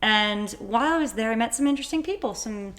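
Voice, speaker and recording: A slightly high-voiced woman co-hosting a casual podcast chat. She talks in a chatty, jokey way and laughs often. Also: lively intonation, fast talker, fairly bright tone. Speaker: podcast co-host.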